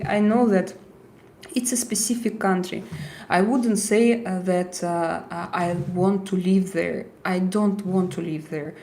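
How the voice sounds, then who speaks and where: A woman's voice: lowish voice, warm tone, a little hiss or hum. A woman with a Russian accent hosting a casual livestream, answering her chat bluntly and restarting her words as she goes. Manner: blunt, halting, repeats words while reading chat aloud. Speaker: livestream host reading chat.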